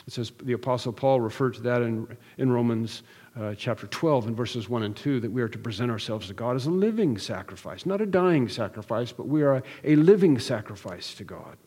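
A man's voice: medium pitch, lively intonation, fairly quick, dark tone, breathy edge, in a large hall. A man preaching an expository sermon, earnest and emphatic, building through repeated phrases with frequent restarts. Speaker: pastor.

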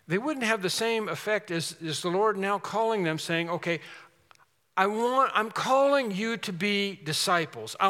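A man's voice: high-pitched, bright, forceful tone, long reverb tail. A man preaching a sermon in an earnest, emphatic way, repeating key phrases for stress.

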